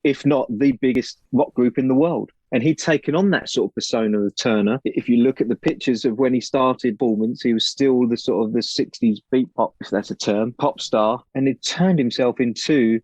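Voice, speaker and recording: A man's voice: medium pitch, moderate pace, hardly any pauses, husky, no echo. Man telling film-set stories over dull audio. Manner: storytelling, lively, with frequent restarts. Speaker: author and guest. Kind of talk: anecdotal interview chat.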